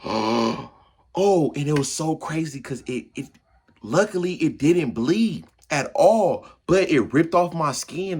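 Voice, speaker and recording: Husky man telling a funny story. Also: a little high. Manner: animated, acts out yells and crashes; casual slangy chat to viewer.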